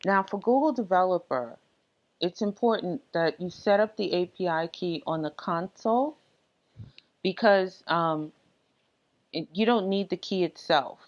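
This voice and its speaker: A woman narrating a casual screen-recorded tech tutorial, relaxed and full of ums and uhs as she talks through each step. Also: fairly low pitch, a little slow, highs cut off.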